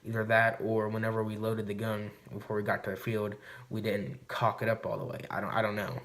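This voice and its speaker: A man's voice: lowish voice, completely flat delivery, fairly quick, a bit bright. A man vlogging to camera, telling a hunting story in a rambling, swearing, casual way. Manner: rambling and profane, recounting a hunt.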